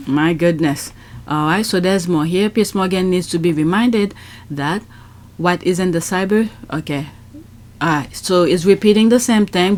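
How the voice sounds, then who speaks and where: A woman's voice: on the low side, a little mellow. Chatty woman reading tweets aloud. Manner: chatty, many fillers, reads aloud and comments. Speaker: commentary channel host.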